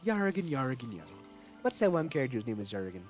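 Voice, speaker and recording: A man's voice: lowish voice, very animated, racing, darkish tone, faint music behind. A young man chatting casually through a game live stream, rambling and playful, reading the game's dialogue aloud.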